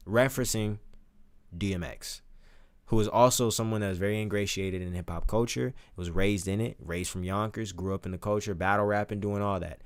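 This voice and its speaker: Man, streamer, casual commentary, animated and profane, recites lines in swinging pitch and volume. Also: a little fast, smooth. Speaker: streamer discussing rap lyrics.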